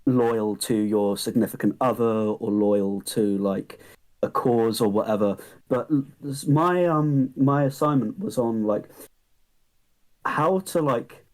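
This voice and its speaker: A young man co-hosts a podcast in an easygoing, rambling way, with frequent pauses, fillers and casual swearing. His pitch sits in a plain middle range. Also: a little mellow, poor audio. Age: young adult. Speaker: podcast co-host.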